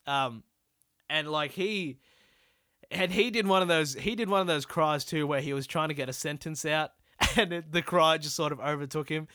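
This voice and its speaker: A young Australian man rambles through a solo comedy podcast, swearing freely and poking fun at himself. His voice sits a little high for a man and sounds bright and clean. It is recorded close and dry. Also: fairly even intonation, moderate pace, clear, resonant tone, no echo. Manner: rambling, sweary and self-deprecating. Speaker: podcast host.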